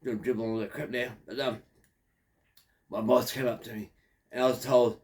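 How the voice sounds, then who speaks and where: A man's voice: mid-range voice, flat delivery, moderate pace, long pauses, a little mellow. A man in his fifties with an Australian accent, telling a crude, digressive story in a rambling monologue. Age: 50s. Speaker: factory worker.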